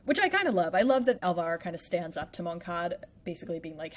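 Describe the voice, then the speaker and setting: Chatty woman recapping a play, with a slightly low voice. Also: expressive, quick pace, slight background noise. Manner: chatty, playful, lots of "like". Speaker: podcast co-host. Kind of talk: casual chat recapping a play.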